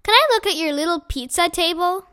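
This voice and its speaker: A woman voicing a stubborn, grouchy third-grade girl who talks loudly and repeats her words insistently. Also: very high voice, expressive, fairly quick, pitched above the performer's own voice, exaggerated voice. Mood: hopeful.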